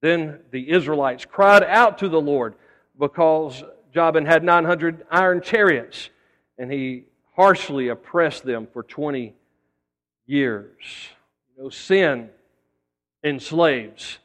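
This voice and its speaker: A man's voice: fairly high pitch, slow, a bit bright, big-room sound. A man preaching a sermon as pastor, telling stories with folksy asides and repeated words.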